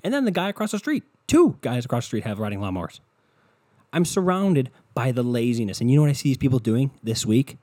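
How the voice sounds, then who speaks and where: Profane ranting man with a lively voice. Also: medium pitch, quick pace, dry recording. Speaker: podcast host. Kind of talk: solo rant podcast. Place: hot indoor room.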